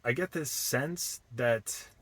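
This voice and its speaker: A young man from Boston in a casual, reflective vlog, talking haltingly with many fillers and restarts. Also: mid-range voice, fairly bright tone, husky, no echo. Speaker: vlogger.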